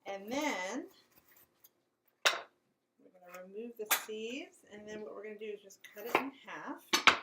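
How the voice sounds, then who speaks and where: A woman hosts a casual cooking lesson, talking through each cut step by step in an easy, conversational voice. Her pitch sits in the middle, neither high nor low. Loud clatter of dishes and pans rings out behind her in a home kitchen. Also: measured pace, pauses often, very noisy. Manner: chatty step-by-step instruction, aside to a child. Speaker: cooking show host.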